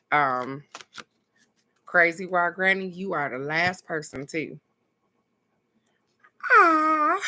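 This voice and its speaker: A woman's voice: fairly low pitch, bright, forceful tone. A woman hosting a casual live oracle card reading, chatting with viewers, laughing often and reading each card's text aloud.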